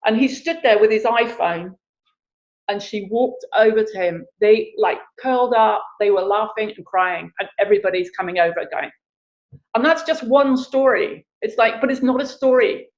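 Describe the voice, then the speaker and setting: A woman's voice: medium pitch, normal speed. A woman, telling a story with energy and acting out the voices of the people in it. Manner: lively, acts out quoted voices. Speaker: wellness practitioner. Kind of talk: animated storytelling. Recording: dull lo-fi sound.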